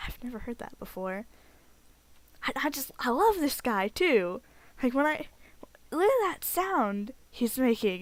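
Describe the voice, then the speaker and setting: A woman giving casual gameplay commentary as a let's play host, chatty and rambling, getting excitable at game events. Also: a little high, a little slow, no echo.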